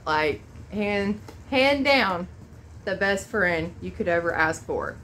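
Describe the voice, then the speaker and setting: A woman's voice: lowish voice, animated, slow pace, a bit bright, a little hiss or hum. A woman hosting an unboxing vlog, gushing and exclaiming, emotional and close to tears. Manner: bubbly, gushing, exclaims often. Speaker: vlog host.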